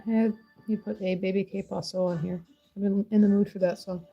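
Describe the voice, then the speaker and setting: A woman's voice: mid-range voice, level tone, fairly quick, gravelly, muffled recording, soft background music. A woman in her thirties chatting casually while crafting on a stream, rambling and laughing often.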